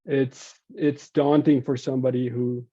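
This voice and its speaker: A man explaining software architecture in a casual video call, thinking aloud and restarting phrases as he goes. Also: mid-range voice, flat delivery, measured pace, dry recording, lo-fi sound. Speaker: software project developer.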